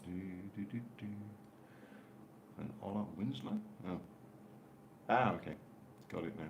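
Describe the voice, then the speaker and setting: Low-voiced older man, dry banter. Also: a little slow, creaky, highs cut off. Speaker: co-host of live stream. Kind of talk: casual live stream chat. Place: home in Spain. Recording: roomy with faint noise.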